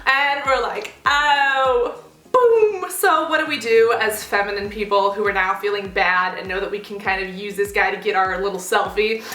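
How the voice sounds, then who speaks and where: A young woman telling a story on her vlog in a lively way, with big jumps in pitch when she acts out quotes. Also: brisk, few pauses, roomy sound, low-quality recording. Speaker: vlogger.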